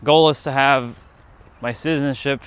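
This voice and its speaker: Canadian male livestream host, mid-pitched and smooth, chatting on a phone while walking a city street, loose and rambling. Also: fairly even intonation, fairly bright tone. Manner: rambling, thinking aloud with pauses and restarts.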